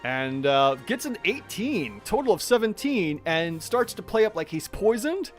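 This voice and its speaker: A man's voice: sits high, very animated, measured pace, faint music behind. A man narrating a tabletop monster battle as game master, chatty and thinking aloud as he checks the rules.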